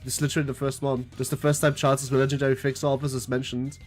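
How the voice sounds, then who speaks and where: A man streaming a game playthrough, gushing over the story with excitable reactions that jump into high squeals. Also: rapid-fire, faint music behind.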